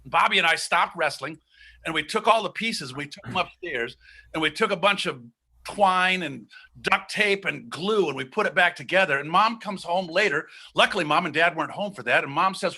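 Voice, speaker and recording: A man from Ohio telling a personal story as a guest storyteller, animated and acting out the voices of the people in it. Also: high-pitched, normal speed, breathy edge. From Ohio, USA.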